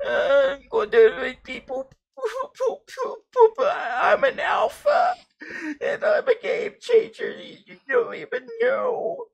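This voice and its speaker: A man voicing a boastful young male streamer who whines and sobs in a high, cracking voice. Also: lively intonation, moderate pace, a bit bright. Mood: whining sobbing.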